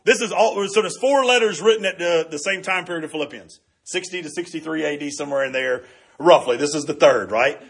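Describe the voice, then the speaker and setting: A middle-aged man preaching with a high, bright voice. There is a husky grain to his tone. He talks to the congregation in a lively, conversational way, often asking "right?". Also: a little fast. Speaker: pastor. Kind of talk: sermon.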